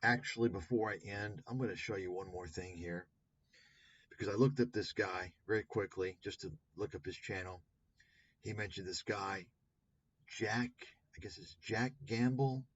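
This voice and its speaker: A man's voice: fairly low pitch, husky, lo-fi sound. Sarcastic, profane male livestream host. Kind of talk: livestream commentary.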